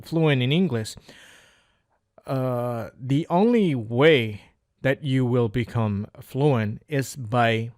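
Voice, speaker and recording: This English learner, whose native language is Indonesian, talks casually but hesitantly, frequently starting over and using fillers. He has a medium-pitched, somewhat mellow voice and draws out his words. The studio sound is clean, without room noise.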